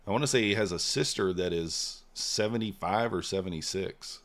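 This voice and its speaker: A low, deep, slightly bright male voice chats casually during a live trading stream. He rambles with plenty of "uh" and "you know" fillers, often trailing off on a long, stretched "so."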